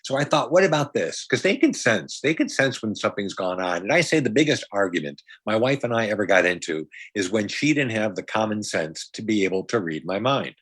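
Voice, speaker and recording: This upstate New York man from Brighton, Rochester, a comedian and magician, rambles and jokes as a podcast guest, full of restarts and playful asides. His fairly bright, husky voice is on the low side, swings widely in pitch, and moves a little fast with hardly any pauses, in a dry recording.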